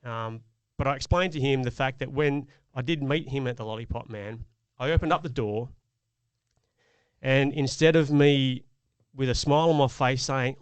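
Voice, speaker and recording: A man's voice: mid-range voice, normal speed, smooth, dry recording. A middle-aged man, a podcast co-host, telling a personal parenting story in an earnest, reflective way. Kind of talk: casual chat.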